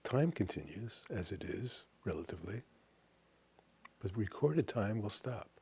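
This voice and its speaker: A man with a somewhat low, husky voice talks as a spiritual teacher. He recites verse slowly and sometimes sinks to a breathy whisper. His delivery is reflective and unhurried. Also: animated, darkish tone.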